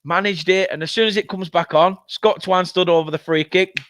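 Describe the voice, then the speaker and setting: A man from England hosting a live football watchalong, reading out viewer comments in an excitable, emotional, chatty way. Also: high-pitched, fairly quick, no echo. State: upset, has been crying. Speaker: football fan channel host.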